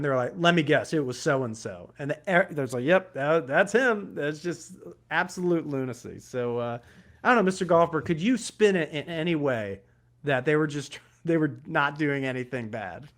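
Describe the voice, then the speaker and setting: A man co-hosting a podcast, telling a story in casual chat with lots of laughter. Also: medium pitch. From Georgia, US. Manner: animated storytelling, laughs often. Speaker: podcast co-host.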